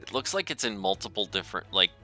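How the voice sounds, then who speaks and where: A man's voice: deep voice, sing-song, fast talker, sharp tone, faint music behind. A man streaming live, reading a game aloud in a casual, stumbling way. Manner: casual, stumbling over his words.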